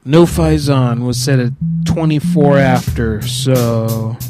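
A man from Puerto Rico doing a prank call on a livestream, swearing crudely with loud, angry outbursts. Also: mid-range voice, takes it slowly, music in the background, poor audio. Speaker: prank caller and streamer.

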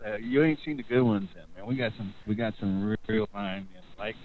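A man's voice: lowish voice, brisk, phone-quality sound, noisy background. A man co-hosting a casual chat, boastful and drawling. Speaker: co-host.

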